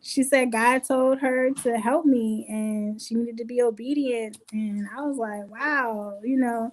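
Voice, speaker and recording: A young adult woman telling her life story in an interview, lively and acting out the people she quotes. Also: on the high side, measured pace. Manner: animated, acts out quotes with laughs. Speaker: guest. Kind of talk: conversational storytelling.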